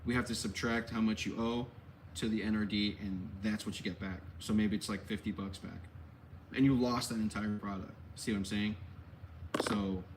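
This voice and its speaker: A man's voice: fairly low pitch, fairly even intonation, normal speed, background noise. A man hosting a casual Q&A for his collectibles shop, rambling and correcting himself as he goes, with easygoing slang. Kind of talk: casual livestream Q&A.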